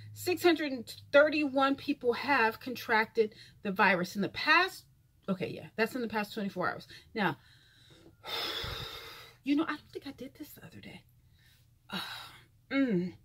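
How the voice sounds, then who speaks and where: A woman's voice: a little high, expressive, a little slow, pauses often, fairly bright tone, husky. A woman vlogger reading news headlines aloud and adding blunt, profane comments with sighs and asides.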